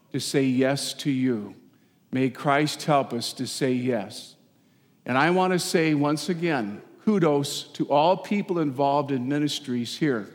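Animated priest preaching in echoing church. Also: male voice, medium pitch. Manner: folksy, animated preaching with audience asides. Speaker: parish priest. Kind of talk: sermon. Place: large church. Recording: long church reverb.

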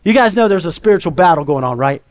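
A male pastor preaching a sermon in a conversational, lively storytelling way. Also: a little high, quick pace.

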